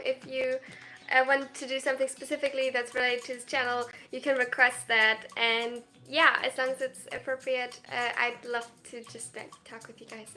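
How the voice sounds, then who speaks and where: Streaming live from her home, a 22-year-old woman from Germany reads out what viewers have written, her voice high and sharp. Self-conscious and shy, she keeps stumbling into restarts and nervous laughter.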